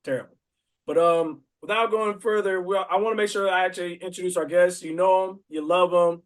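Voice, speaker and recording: A man with a fairly high voice hosts a casual podcast. He rambles and jokes in a playful, easygoing way as he talks with his co-host. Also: steady tone, a little fast.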